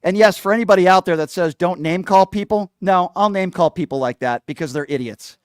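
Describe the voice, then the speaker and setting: A man's voice: high-pitched, animated, fast talker, dry recording, clean studio sound. A male talk show host arguing with a caller, hectoring, insulting him and repeating the same question. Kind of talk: heated call-in argument.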